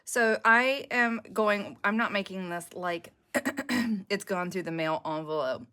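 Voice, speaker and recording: A woman's voice: medium pitch, unhurried, pushed and bright, smooth. Chatty woman with a sore throat. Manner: chatty and rambling, thinking aloud. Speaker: junk journal crafter on a design team. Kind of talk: casual crafting tutorial.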